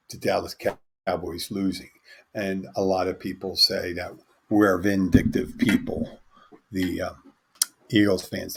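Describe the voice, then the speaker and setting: A man's voice: on the low side, creaky, fairly bright tone, slightly rough. A man hosting a podcast, casually telling a bar anecdote and acting out the other people's lines. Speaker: podcast host and bartender. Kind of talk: casual storytelling.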